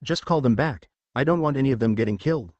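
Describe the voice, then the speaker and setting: A man's voice: medium pitch, fast talker, darkish tone, dry recording, dull audio, natural voice. A man voicing a smug, scheming young male ninja in a taunting, mock-friendly way, read from a fan story. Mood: stern.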